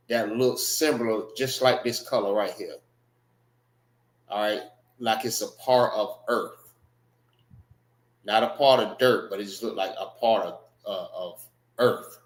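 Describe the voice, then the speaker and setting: A man teaching a class, explaining slowly, repeating words and checking with his listeners. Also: fairly low pitch, roomy sound. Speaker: class instructor. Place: indoor classroom.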